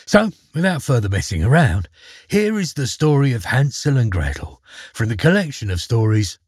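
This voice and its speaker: Guy reading a fairy tale out loud, big swoopy delivery, a bit husky. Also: mid-range voice, moderate pace, dry recording, studio quality. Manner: expressive, theatrical storytelling. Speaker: storyteller. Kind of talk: read-aloud fairy tale narration.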